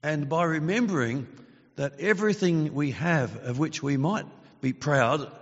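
A man preaching a sermon in an earnest, measured way, his voice growing forceful when he reads scripture. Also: a little high. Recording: dull lo-fi sound with long reverb.

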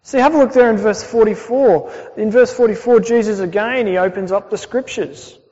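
Brief: young male pastor, high voice, chatty animated sermon, muffled hall sound. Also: moderate pace. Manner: conversational, animated, many fillers and tag questions. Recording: dull sound in a hall with long reverb.

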